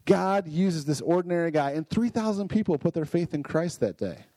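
A man's voice: fairly high pitch, expressive, normal speed, mellow, no echo, rough recording. Upbeat man teaching a casual Bible lesson. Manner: enthusiastic, frequent "right?" tag questions.

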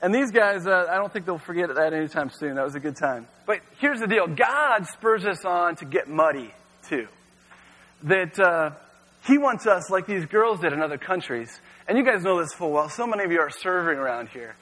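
Male youth pastor, relaxed storytelling sermon, crisp bright tone, long hall echo. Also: sits high, normal speed. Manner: casual storytelling with frequent fillers.

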